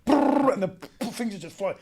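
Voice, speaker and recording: Excitable Welsh man, high-pitched storyteller. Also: brisk. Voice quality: excitable, acts out gunfire with sound effects. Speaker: actor guest. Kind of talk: animated storytelling in casual interview.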